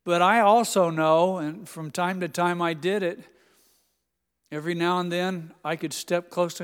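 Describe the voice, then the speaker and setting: A man preaching in a church with a clear, resonant voice pitched a little above the usual. He tells stories with gentle humor, and his words ring out with a long hall reverb. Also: fairly even intonation, measured pace. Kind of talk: sermon. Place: church sanctuary.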